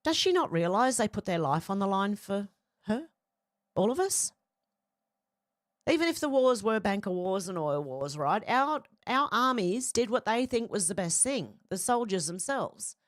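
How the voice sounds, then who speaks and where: A woman's voice: mid-range voice, sing-song, a little slow, no echo, studio quality. A woman hosting casual political opinion commentary, blunt and outspoken, reading posts aloud and reacting to them.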